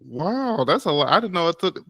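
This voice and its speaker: A man hosting an anime podcast, asking his guest questions in a relaxed, chatty way. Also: on the high side, moderate pace, creaky, no room sound. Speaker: podcast host. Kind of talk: casual interview chat.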